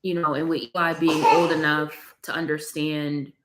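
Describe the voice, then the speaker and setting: A woman's voice: low voice, little pitch movement, normal speed, heavy background noise. A young mother talks to her viewers in a candid, confiding casual vlog, tearful and close to crying. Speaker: vlogger, mother of three. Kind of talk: emotional casual vlog chat. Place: at home, with her baby on her lap.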